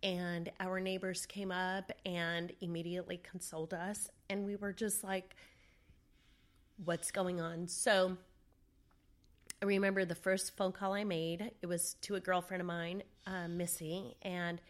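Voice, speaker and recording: A woman's voice: lowish voice, level tone, a little slow. A middle-aged woman telling a personal story in an interview, conversational with many fillers, acting out what people said. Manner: conversational, with fillers and re-enacted dialogue. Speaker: interview guest.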